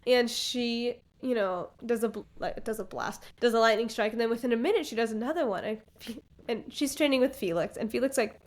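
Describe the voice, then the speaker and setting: Woman podcast co-host, chatty book recap, fairly high voice. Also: brisk, slight background noise. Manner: chatty recapper, quotes characters in passing. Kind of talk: casual book discussion.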